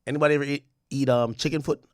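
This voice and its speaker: A man's voice: medium pitch, very fast, no room sound. A man streaming live, telling chat stories in a casual, slangy, profane style. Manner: animated storytelling with slang and profanity. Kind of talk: casual chat with a livestream audience.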